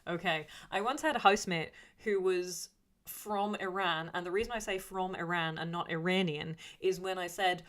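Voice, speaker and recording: Woman streamer, lowish voice, rambling and chatty, reading chat aloud, full of fillers. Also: moderate pace, few pauses, fairly bright tone. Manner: reads viewer comments aloud and answers them. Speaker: YouTuber reading live chat. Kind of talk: casual livestream chat.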